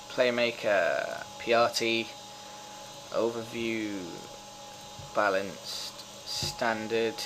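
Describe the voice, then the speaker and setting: An excitable young gamer with a lowish voice swears often during casual live gameplay commentary, cheering at goals. The background is noisy.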